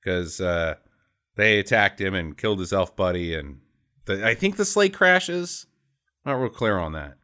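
A man co-hosting a casual podcast chat about a movie, animated, swearing and laughing often. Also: low voice, measured pace. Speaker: podcast co-host.

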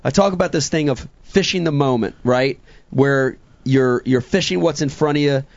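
A man's voice: mid-range voice, normal speed, no room sound, dull audio. A man hosting a casual interview chat, eager and repeating words as he starts his questions. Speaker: podcast host.

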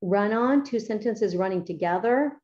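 A middle-aged woman teacher talks through her editing method in a chatty, enthusiastic way, full of ums and asides. Her voice is warm and mellow, sitting at a middling pitch. The recording sounds somewhat dull and lo-fi. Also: expressive, moderate pace. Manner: chatty, enthusiastic, many fillers. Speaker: writing teacher.

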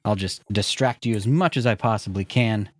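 A man's voice: on the low side, normal speed, noisy background. An American man hosting a podcast, chatting in an easygoing, enthusiastic way into a studio microphone. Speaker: podcast host. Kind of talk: casual podcast chat.

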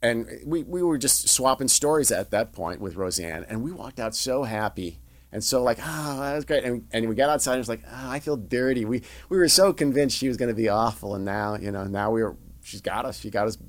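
A middle-aged man, a TV showrunner, telling animated anecdotes in an interview and acting out the voices of people he quotes. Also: fairly low pitch, a little fast. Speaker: guest, veteran TV showrunner. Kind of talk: storytelling interview chat.

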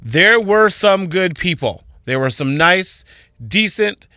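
A man's voice: high-pitched, animated, takes it slowly, bright, forceful tone, no room sound, studio quality. A man, a retail worker guest, animatedly telling a dramatic story on a radio show.

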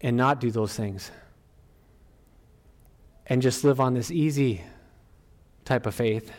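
In a church, a middle-aged pastor preaches a sermon at a slow pace. He is animated and emphatic, often rising in pitch and volume.

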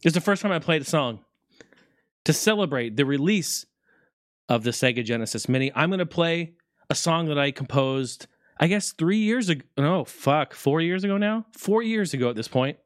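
A man ranting excitedly to his viewers about retro game consoles, swearing freely and talking straight to the audience. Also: fairly high pitch, moderate pace, no room sound, clean studio sound. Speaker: gaming video creator. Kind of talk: excited casual rant to camera.

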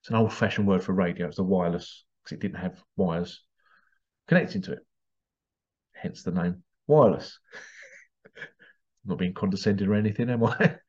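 A man's voice: sits low, moderate pace, long pauses, a little mellow, highs cut off. Rambling man with vocal sound effects. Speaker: podcast host. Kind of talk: casual rambling monologue.

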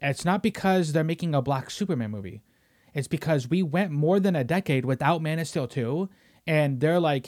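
A young man hosting a casual podcast, ranting heatedly with lots of swearing and loud emphatic bursts. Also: a little high, expressive, moderate pace. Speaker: podcast host. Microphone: studio microphone.

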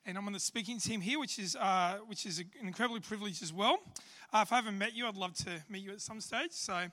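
A man's voice: sits high, fast talker, pushed and bright. An Australian man giving a chatty, self-deprecating sermon in a church service, with plenty of fillers. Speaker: church speaker. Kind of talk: sermon with humorous storytelling. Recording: long reverb of a church hall.

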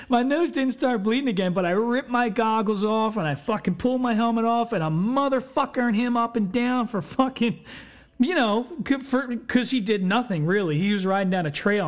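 This is a podcast host spinning a long story in a loose, rambling way. The speech is packed with swearing and fillers, and the pitch sits at an ordinary middle level. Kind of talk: casual storytelling.

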